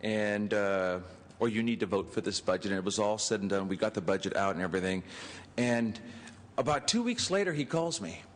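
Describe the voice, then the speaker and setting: A fairly low, animated male voice comes brisk and with few pauses as this state senator gives a floor tribute made of anecdotes, chuckling while voicing the dialogue. The legislative chamber lends long reverb and faint ambience.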